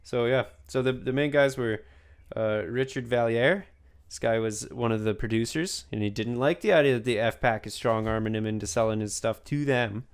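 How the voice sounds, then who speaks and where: A young man hosts a casual podcast and tells a story in a loose, rambling way. His voice is smooth and resonant, at a middle pitch for a man. He laughs easily and keeps tossing in "man.". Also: moderate pace. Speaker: podcast host. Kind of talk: casual chat.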